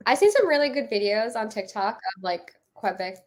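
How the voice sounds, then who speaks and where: A woman's voice: on the high side, big pitch swings, brisk. A young American woman in casual chat, chatty and self-deprecating.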